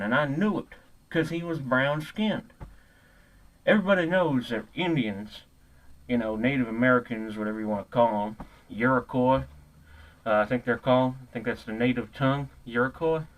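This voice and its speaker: A man's voice: medium pitch, a bit bright, close to an everyday voice, poor audio. A man playing a hot-headed, ignorant ranting man in a comedic character monologue, profane and rambling, stumbling over his own words.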